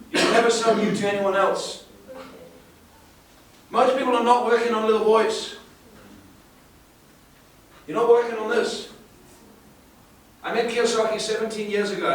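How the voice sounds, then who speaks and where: A sales trainer speaking emphatically to a live audience, asking rhetorical questions and repeating words for effect. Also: male voice, sits high, steady tone, brisk. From South Africa. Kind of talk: live seminar talk. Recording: echoey room, far from the mic, faint hiss.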